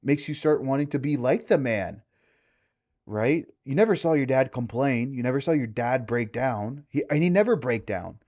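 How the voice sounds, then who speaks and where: A man's voice: medium pitch, lively intonation, moderate pace, a little mellow, lo-fi sound. Rambling, profane young man ranting. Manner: rambling, profane, many restarts and fillers. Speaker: vlogger. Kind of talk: casual rant to camera.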